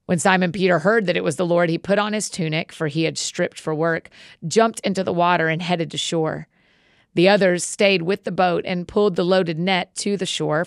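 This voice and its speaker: A woman host reading scripture aloud in a steady, measured way. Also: on the low side, creaky, dry recording, studio quality.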